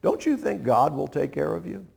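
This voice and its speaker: A man in his sixties, a pastor preaching a sermon in an animated way, acting out playful voices and chuckling as he goes. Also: fairly high pitch, normal speed, vocal fry, husky. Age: 60s.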